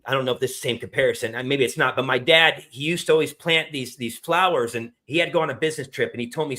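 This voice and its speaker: A man's voice: medium pitch, steady tone, fast talker, few pauses, pushed and bright. A male podcast host, conversational and encouraging, asking questions and sharing his own stories. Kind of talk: casual podcast interview.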